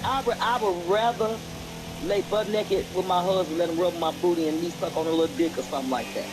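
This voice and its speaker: A woman's voice: fairly low pitch, fairly even intonation, a little fast, background noise. A woman hosting a live stream, giving casual commentary in a blunt, emphatic, profane way.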